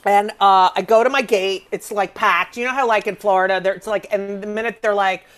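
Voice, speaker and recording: A middle-aged woman comedian telling stories in a brash, profane, animated way, acting out the people in them. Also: medium pitch, brisk, smooth. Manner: brash, profane storytelling with acted-out voices. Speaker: comedian guest. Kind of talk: casual comedic chat.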